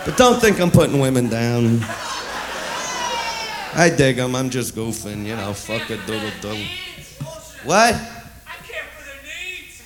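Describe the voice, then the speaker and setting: A man doing crude stand-up comedy, brash and loud, shouting his punchlines. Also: medium pitch, huge pitch swings, a little slow, pauses often. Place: live comedy club. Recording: echoey club with loud crowd. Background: audience laughter and noise.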